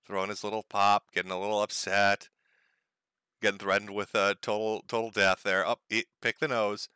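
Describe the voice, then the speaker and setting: A man's voice: fairly low pitch, level tone, normal speed, pushed and bright, smooth, no echo. A man hosting a stream, giving sarcastic, profane commentary on a video clip. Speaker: stream host.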